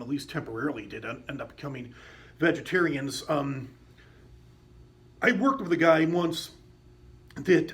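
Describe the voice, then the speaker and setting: A man's voice: on the high side, fairly bright tone. A man telling a personal story in a casual, rambling way, with many fillers and restarts and some blunt swearing. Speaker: vlogger.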